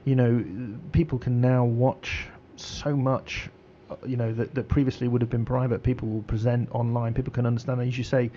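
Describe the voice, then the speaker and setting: A man's voice: medium pitch, level tone, normal speed, few pauses, mellow, muffled recording, slight background noise. A man hosting a radio show, chatting casually with many fillers and restarts.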